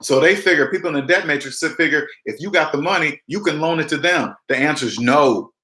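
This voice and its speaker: A high-leaning, pushed and bright voice comes from a personal finance vlogger in his forties, talking briskly in an echoey room. His casual motivational monologue addresses viewers head-on, with plenty of repetition and acted-out quotes.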